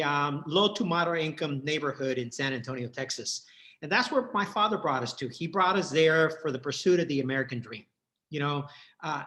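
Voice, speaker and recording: Brief: middle-aged man from Mexico, fairly high voice, earnest and heartfelt guest. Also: fairly bright tone. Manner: earnest, heartfelt, many repeated starts. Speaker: guest, entrepreneur. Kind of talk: personal life story in interview.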